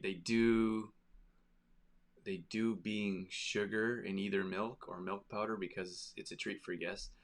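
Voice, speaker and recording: A man's voice: lowish voice, fairly bright tone. Rambling, chatty man hosting a stream. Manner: rambling storyteller, talks straight to viewers. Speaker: live stream host reading viewer comments. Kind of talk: casual chat.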